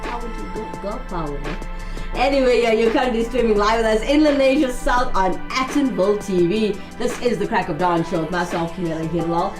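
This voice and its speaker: A woman's voice: mid-range voice, a little fast, roomy sound, soft background music. A woman hosting a live morning show from a studio, bubbly and giggly with a sing-song delivery. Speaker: host.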